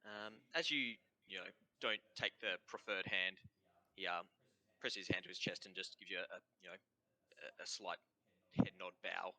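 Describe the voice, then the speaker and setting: He is a game master with an Australian accent who narrates a tabletop session in a loose, easygoing way. His voice is very deep and gravelly. It has a hard, bright edge. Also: normal speed. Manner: relaxed, chuckling, many fillers. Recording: dull remote-call sound.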